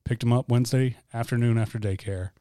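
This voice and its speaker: A man's voice: mid-range voice, steady tone, quick pace, dark tone, dry recording, studio quality. A man in his thirties, co-hosting a podcast and telling candid, self-mocking stories about his life in casual chat. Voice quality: voice turns gravelly when whispering. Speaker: podcast co-host and guest.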